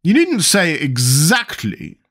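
Fussy old queen voiced by a man, squeaky high quaver, lively swings, storybook reading. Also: slow pace, exaggerated voice. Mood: brisk. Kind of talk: audiobook character voice.

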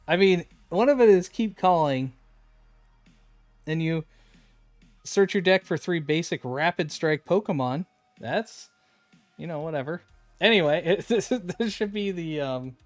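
A man's voice: a little high, no room sound. A man streaming live, opening card packs and chatting casually with his viewers. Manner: chatty, reads card names aloud, talks to chat.

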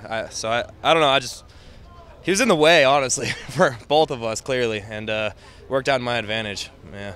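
A young man, a college running back, answering reporters' questions in a relaxed, easygoing way after practice outdoors. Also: medium pitch, fairly quick. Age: young adult. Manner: relaxed, easygoing, laughs between phrases. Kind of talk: post-practice press interview.

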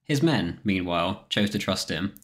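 A man with a very low, deep voice narrates a scripted history documentary. His delivery is measured and steady, like a reader working through a prepared text. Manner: measured, reads quotations aloud with spoken quote marks.

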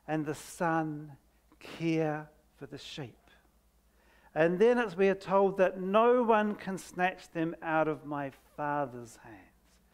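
A preacher giving a sermon at a church service, reading scripture aloud with heavy stress on key words and letting each phrase fall nearly silent. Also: medium pitch. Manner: slow, deliberate delivery that drops to near silence at phrase ends.

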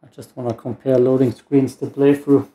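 A man's voice: medium pitch, little pitch movement, moderate pace, mellow, highs cut off. A man giving casual let's play commentary while gaming, with meandering mumbled asides. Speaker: gaming streamer.

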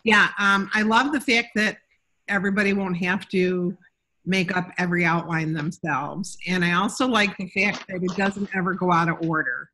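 A woman's voice: on the low side, steady tone, normal speed, bright, forceful tone. A woman hosting a casual video call chat, talking with a lot of ums and restarts. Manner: chatty, hesitant with many ums. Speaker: meeting host.

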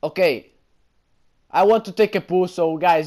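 A man giving excited let's play commentary while gaming, often calling his audience bro. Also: fairly high pitch, slow pace, long pauses. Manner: excitable, keeps saying bro. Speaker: gamer.

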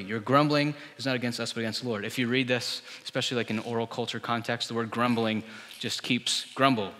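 A man's voice: mid-range voice, fairly even intonation, moderate pace, pushed and bright. A male pastor giving a sermon in a conversational style, full of rhetorical questions. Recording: church hall with long reverb.

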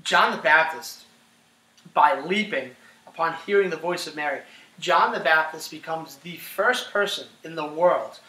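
Guy teaching class, keeps saying right?, kinda high voice, roomy echo. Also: far from the mic. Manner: animated, asks the class questions, says "right?" often. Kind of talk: classroom lecture on scripture.

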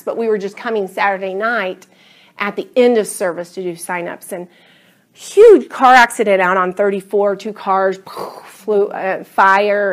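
A middle-aged woman teaching a class Bible study, earnest and enthusiastic, often drawing her words out. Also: medium pitch.

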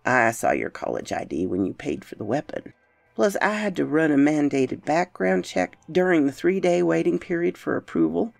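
A blunt, folksy Southern pawn shop clerk, put on by a woman narrator, with a thick drawl. He talks plainly and bounces all over in pitch. The voice has a gravelly grain and sits in a dry, close space with soft music under it. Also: sing-song, normal speed, no room sound, full character voice. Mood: concerned. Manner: blunt, folksy, drops to a hushed warning. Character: wary middle-aged Southern male pawn shop clerk.

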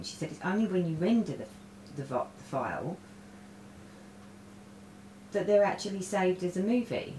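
Middle-aged woman vlogger, lowish voice, rambling chatty storyteller, recorded on a webcam in a roomy home space. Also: noisy background. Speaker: cross-stitch vlogger. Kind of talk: casual stitch-along chat. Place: room at home. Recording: roomy echo.

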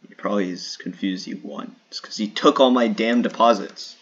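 A man streaming a shooter game in casual live commentary, swearing and trash-talking opponents with sudden excited outbursts. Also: on the low side, moderate pace, breathy edge, dull audio.

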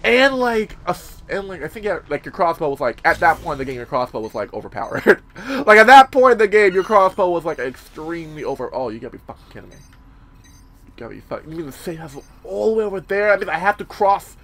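A young man casually commentating a horror game, rambling with many fillers, swearing, and sometimes yelling. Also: high voice, big pitch swings, fast talker, hardly any pauses. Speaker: gameplay commentator. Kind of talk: casual let's-play commentary.

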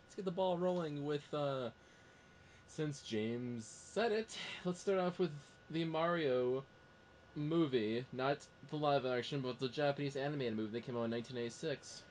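A man's voice: mid-range voice, moderate pace, slight background noise. A man hosting a casual podcast discussion, steering the talk and telling stories with exasperation. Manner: animated, exasperated storyteller. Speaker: podcast host.

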